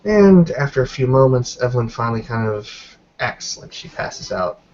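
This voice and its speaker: A man's voice: mid-range voice, very animated, normal speed, darkish tone. Guy narrating his tabletop character, lots of uhs, medium voice, dull lo-fi audio. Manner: hesitant, many fillers and hedges. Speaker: player. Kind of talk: tabletop role-play narration. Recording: dull lo-fi with faint noise.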